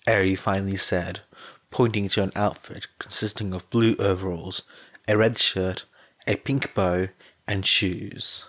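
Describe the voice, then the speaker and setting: A man narrating a fan fiction audiobook in a slow, even reading voice. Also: deep voice, no room sound.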